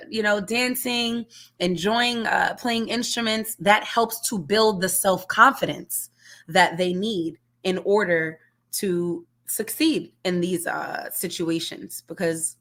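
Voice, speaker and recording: A woman's voice: mid-range voice, slow pace, a bit bright. A woman, a music teacher, speaking earnestly on a webinar panel over a video call. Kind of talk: panel discussion.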